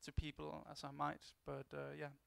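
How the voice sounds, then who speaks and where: A man speaks on a convention panel, joking and poking fun at himself. His voice is bright and gravelly, with a crisp, clear tone. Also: fairly high pitch, completely flat delivery, normal speed, no echo. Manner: self-mocking, jokey. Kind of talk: live panel talk.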